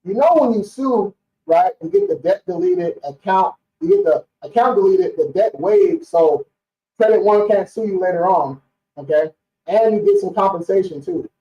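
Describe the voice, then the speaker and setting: A man's voice: high-pitched, animated, moderate pace. A young man talking bluntly and casually on a live stream, full of slang and swearing, getting fired up as he talks. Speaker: credit repair business owner hosting a live stream. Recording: roomy, distant, dull lo-fi stream audio.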